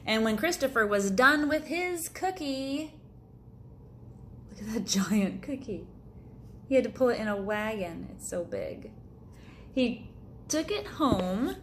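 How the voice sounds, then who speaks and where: A woman's voice: medium pitch, slight background noise. Playful woman reading a storybook aloud. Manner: playful, animated sound effects. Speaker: storyteller for children.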